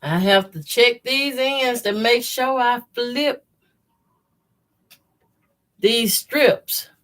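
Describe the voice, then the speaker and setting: Slow, chatty congested woman sewing. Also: fairly high pitch, a bit bright. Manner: chatty, laughs often, reads viewer comments aloud. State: congested from sinuses. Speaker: quilting sew-along host. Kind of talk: casual chat while sewing.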